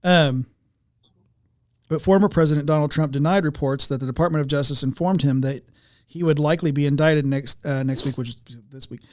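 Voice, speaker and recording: A man from the United States hosting a podcast, talking and reading news articles in a halting way with many fillers. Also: on the high side, darkish tone, no room sound. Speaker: podcast host. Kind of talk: casual political talk, reading articles.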